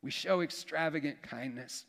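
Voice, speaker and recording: A man's voice: a little high, normal speed, vocal fry, a bit bright. A man preaching as a pastor, earnest and folksy, often restarting his words. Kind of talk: sermon. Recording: long hall reverb.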